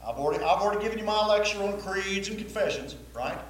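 A man's voice: sits high, lively intonation, fast talker, slight background noise. A man preaching a sermon to a Baptist congregation, emphatic and repetitive, often asking the listeners questions. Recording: very echoey hall, faint ambience.

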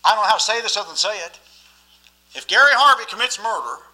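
A man's voice: high-pitched, expressive, fast, bright, forceful tone, low-quality recording. A man preaching a sermon as pastor, emphatic and often asking the listeners questions.

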